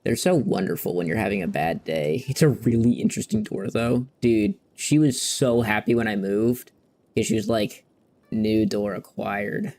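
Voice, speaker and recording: A man with a lowish, darkish voice speaks expressively at a moderate pace, with a little hiss or hum in the background. He rambles candidly while hosting a gaming video, chatting casually as he plays and swearing from time to time.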